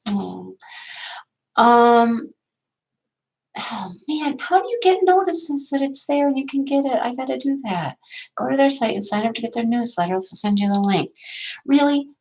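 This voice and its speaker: A woman's voice: mid-range voice, poor audio. A middle-aged woman hosting a casual livestream, rambling and chatty as she answers viewer comments. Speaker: livestream host.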